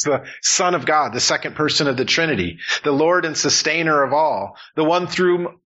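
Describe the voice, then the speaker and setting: A male pastor delivers an earnest sermon, his voice bright and a little husky. He leans on repetition to build his points. The sound is slightly dull, like a modest church recording. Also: medium pitch. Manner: earnest, emphatic preaching with repetitions.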